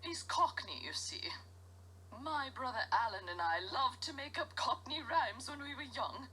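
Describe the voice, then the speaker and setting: A woman's voice: sits high, animated, a little slow, sharp tone, soft background music, heavily acted. An actress playing a refined, teasing older English lady in a mystery game. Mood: amused. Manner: refined, teasing, theatrical laughter. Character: genteel older English lady, fond of rhymes.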